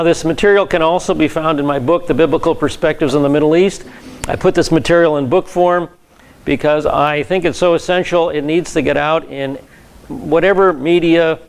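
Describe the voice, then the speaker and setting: A man's voice: a little high, vocal fry. A man, a pastor, teaching a Bible class in a conversational lecture style, with frequent fillers and repeated words.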